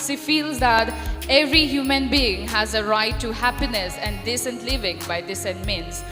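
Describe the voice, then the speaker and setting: A woman's voice: fairly high pitch, moderate pace. A woman emcee, announcing a live stage show in a formal manner with occasional hesitant fillers. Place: festival stage through PA system. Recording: echoing PA sound with long reverb. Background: music playing.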